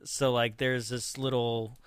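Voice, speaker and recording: A man's voice: medium pitch, level tone, slow, clear, resonant tone, no echo. A man in casual conversation, reviewing a film with lots of "like" and "right?", rambling along.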